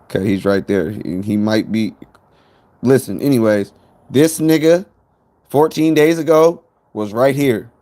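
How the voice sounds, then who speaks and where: A man's voice: mid-range voice, measured pace, dark tone. A man telling a rambling, profane story to viewers on his phone stream.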